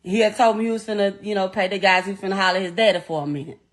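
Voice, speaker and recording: A woman's voice: medium pitch, fairly even intonation, very fast. A middle-aged woman with a Southern US accent, telling a raw, profane and distressed personal account as a grieving mother. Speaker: mother of the deceased, interviewee.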